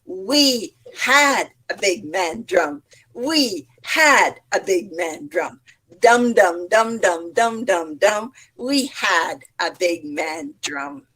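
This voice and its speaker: A woman's voice: mid-range voice, animated, drawn-out words, a bit bright, exaggerated voice. A woman chanting as a troop of playful monkeys. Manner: rhythmic chanting, sing-song. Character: rowdy band of cheerful monkeys chanting.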